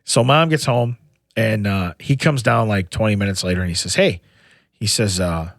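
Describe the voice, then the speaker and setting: A man's voice: fairly low pitch, normal speed, creaky, dry recording, clean studio sound. A middle-aged man co-hosting a podcast, telling a long family story in casual chat with many restarts and "you know"s. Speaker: podcast co-host.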